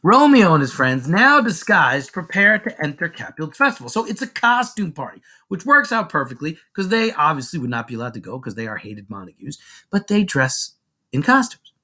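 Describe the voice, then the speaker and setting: A man retells a classic play for a class in loose, slangy everyday speech. His pitch swings widely as he jumps in and out of the characters' voices, full of energy. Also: brisk. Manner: animated and slangy, acts out lines. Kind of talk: casual explanatory retelling of a play.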